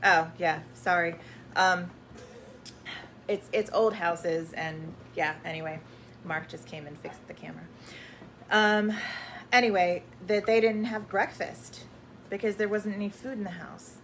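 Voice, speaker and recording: A woman's voice: fairly low pitch, steady tone, measured pace, fairly bright tone, slight background noise. Chatty woman hosting a live stream. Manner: chatty, rambling, many fillers and restarts. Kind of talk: casual live-stream chat.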